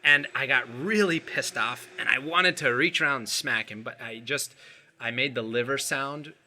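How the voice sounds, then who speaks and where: A man as a qigong instructor guest, talking earnestly in a halting way with many restarts. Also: mid-range voice, bright, forceful tone. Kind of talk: casual interview chat.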